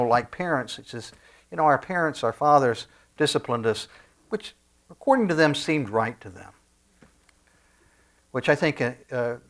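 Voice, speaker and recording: A man preaching a sermon in a conversational way, with frequent restarts and soft asides. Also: medium pitch. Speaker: pastor.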